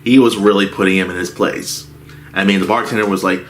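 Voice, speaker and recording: A man's voice: low voice, steady tone, a little fast, a bit bright, slight background noise. A man telling a rambling story from his movie theater job as a casual rant, with frequent restarts.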